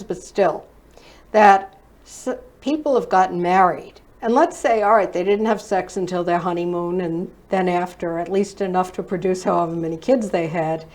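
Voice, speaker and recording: A woman's voice: medium pitch, rough recording. A woman co-hosting a casual talk show, asking blunt, provocative questions. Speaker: co-host.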